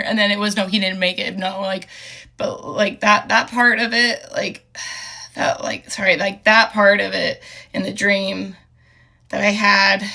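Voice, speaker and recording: Bright-voiced young woman, halting and earnest. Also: mid-range voice, vocal fry. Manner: halting, hesitant, with many fillers and restarts; emotional, earnest. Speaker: storyteller. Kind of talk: casual personal storytelling.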